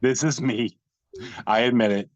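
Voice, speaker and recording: A man's voice: medium pitch, unhurried, a crowd in the background. A man hosting a podcast over a video call, describing memes aloud in a rambling, self-deprecating way with casual swearing. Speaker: podcast host reading memes.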